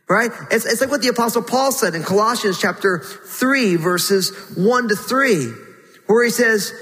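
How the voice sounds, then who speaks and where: A man preaching a sermon, earnest and pleading, rising in pitch when he voices prayers. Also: moderate pace, a bit bright, big-room sound, low-quality recording. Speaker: pastor.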